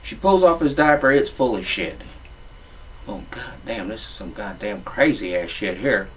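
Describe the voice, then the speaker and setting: A man's voice: fairly low pitch, lively intonation, moderate pace, far from the mic, slight background noise, low-quality recording. A man, telling a crude comic story in a profane, drawling redneck manner. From Louisiana.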